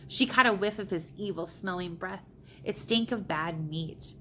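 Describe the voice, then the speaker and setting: A woman reading a children's storybook aloud with steady, plain narration. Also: fairly low pitch, normal speed, a little hiss or hum. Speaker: reader.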